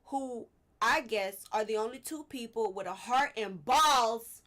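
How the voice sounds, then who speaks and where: A woman's voice: on the high side, unhurried, sharp tone. A young woman hosting a live stream, talking casually about politics and getting worked up, repeating her questions. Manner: gets worked up, repeats questions, fussing then apologizing.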